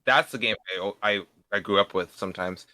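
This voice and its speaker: A man's voice: lowish voice, sharp tone, no echo. A young man in his late teens, a beginner voice actor, talking casually as an interview guest and often restarting his sentences. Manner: halting, repeats and restarts words.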